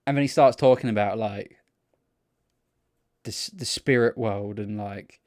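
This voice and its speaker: A young man, co-hosting a podcast and telling a sweary, animated story about people he met. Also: on the low side, a little slow, no echo, studio quality. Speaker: podcast co-host. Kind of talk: casual storytelling chat.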